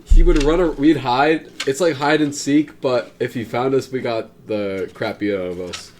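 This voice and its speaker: A man's voice: mid-range voice, fairly even intonation, moderate pace, slight background noise. Young man telling a dry rambling story. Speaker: podcast co-host. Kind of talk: casual chat. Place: room with a pool table.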